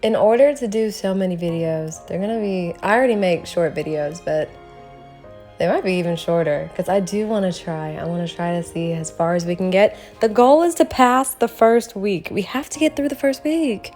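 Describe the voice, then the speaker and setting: A woman narrating her drawing process in a casual vlog, animated and laughing often. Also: medium pitch, moderate pace, faint music behind. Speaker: art vlogger.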